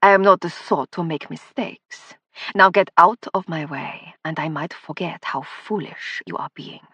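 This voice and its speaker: A cold, mocking spy speaks with clipped politeness and a husky edge, as a woman narrator puts him on. His dry, close voice carries a steady threat. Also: sits low, unhurried, no room sound, heavily acted. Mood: sneering. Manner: sneering, coldly polite. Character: arrogant German male spy, cold and mocking.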